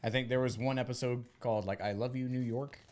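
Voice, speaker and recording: A man's voice: medium pitch, fast talker. Chatty man telling stories. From United States. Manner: animated storyteller, acts out quoted voices. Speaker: podcast co-host. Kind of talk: casual podcast chat.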